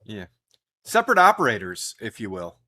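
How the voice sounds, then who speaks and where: A man's voice: fairly low pitch, wildly swooping pitch, normal speed, sharp tone, dry recording, studio quality. A male co-host in casual reaction chat, playful and laid-back, throwing out loose theories. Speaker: podcast co-host.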